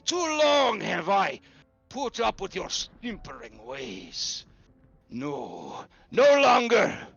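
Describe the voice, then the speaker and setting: A man voicing a grief-maddened, cruel male baron who rants at his subjects in booming, theatrical speeches. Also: sing-song, slow pace, a bit bright, faint music behind, exaggerated voice. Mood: wrathful. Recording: dull lo-fi audio.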